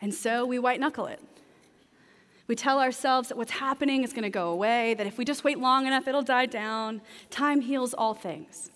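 A young woman delivers a sermon in a bright, high voice. She talks casually and with humor, slipping into little acted-out scenes. Her words ring out with a long reverb from a large hall. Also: normal speed. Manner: conversational and humorous, acting out scenarios. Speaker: preacher.

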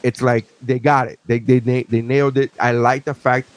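A man in his forties holds forth on a podcast in casual chat, swearing freely and ranting with animated, mocking energy. His voice sits at an ordinary mid pitch for a man. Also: moderate pace, no room sound. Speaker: podcast host.

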